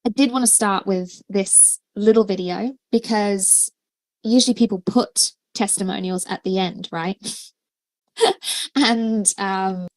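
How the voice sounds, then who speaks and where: A woman's voice: mid-range voice, fairly even intonation, slow, dry recording. A woman hosting a livestream as a coach, talking casually with many fillers and restarts. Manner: chatty, many fillers and restarts, laughs often.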